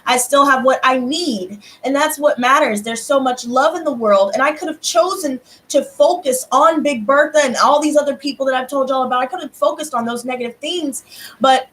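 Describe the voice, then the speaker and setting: A high-pitched woman tells stories to her viewers in a loose, chatty way. She swears freely and jumps into other people's lines as she acts out conversations, with big leaps in her voice. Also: normal speed. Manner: animated, swears freely, acts out dialogue in bursts. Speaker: tarot reader and channel host. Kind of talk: casual storytelling to viewers.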